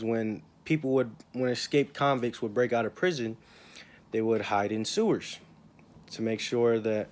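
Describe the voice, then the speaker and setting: A young man talks in a rambling, emotional way in a casual personal vlog. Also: mid-range voice. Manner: rambling, emotional, repeats himself. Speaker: vlogger.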